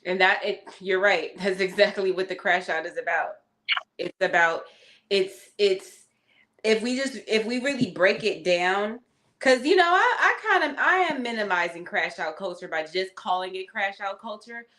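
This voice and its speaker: A woman's voice: mid-range voice, moderate pace, sharp tone. Earnest woman on a panel call. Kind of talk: casual panel chat.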